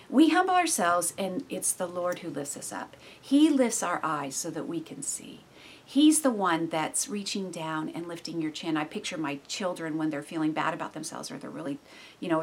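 A woman giving earnest, heartfelt devotional Bible teaching, dropping to soft near-whispers and rising to loud, emphatic bursts. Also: mid-range voice, breathy edge.

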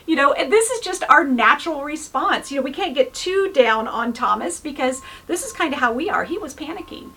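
A woman's voice: high voice, animated, fairly quick, hardly any pauses, pushed and bright. A woman pastor giving an informal, earnest sermon, full of "you know" fillers. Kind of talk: conversational sermon.

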